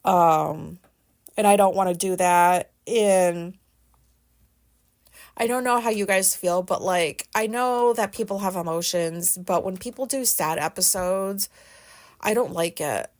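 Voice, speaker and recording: A woman's voice: lowish voice, a little slow. A woman hosts her own podcast and talks through her grief, sounding sad and teary. Her speech is loose and rambling, full of fillers and false starts, with casual swearing mixed in. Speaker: podcast host. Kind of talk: casual personal monologue.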